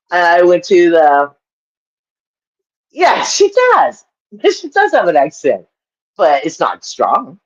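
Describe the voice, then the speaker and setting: A woman with a lowish voice chats slowly and casually with her livestream viewers, her pitch rising and falling freely as she laughs often between comments. The sound is a bit dull and lo-fi. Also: wildly swooping pitch, breathy edge. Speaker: livestream host.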